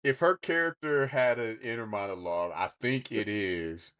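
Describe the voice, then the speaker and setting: A man's voice: lowish voice, normal speed, crowd noise. A man co-hosting a podcast, chatting casually about a TV series and breaking into voices to act out quotes. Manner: animated, jumps into voices for quotes. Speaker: podcast co-host. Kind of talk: casual TV review chat.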